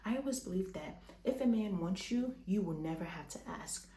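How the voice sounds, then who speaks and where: A woman's voice: medium pitch, expressive, moderate pace, mellow, reverberant. A woman recapping a reality show in a casual, opinionated chat, a little out of breath, with restarts and sighs.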